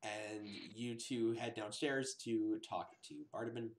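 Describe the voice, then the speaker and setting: A man's voice: fairly low pitch, flat delivery, measured pace. A man running a tabletop game as game master, joking and laughing as he narrates. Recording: echoey room, faint hiss.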